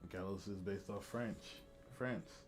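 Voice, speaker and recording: Low-voiced guy streaming a game late at night, kinda tired, rambles and corrects himself. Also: steady tone, measured pace, faint music behind. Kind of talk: casual let's-play commentary.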